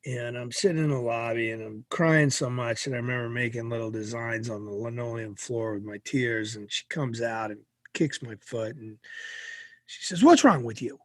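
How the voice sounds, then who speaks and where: A man's voice: medium pitch, normal speed, no echo, clean studio sound. A middle-aged man from Massachusetts telling a vivid personal story as an interview guest. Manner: vivid, anecdotal, expressive.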